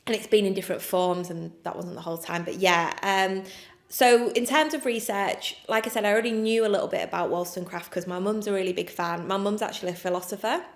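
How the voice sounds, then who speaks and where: A woman's voice: lowish voice, a bit bright. A woman playwright with an English accent, answering interview questions frankly and chattily, with many fillers. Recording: echoey room.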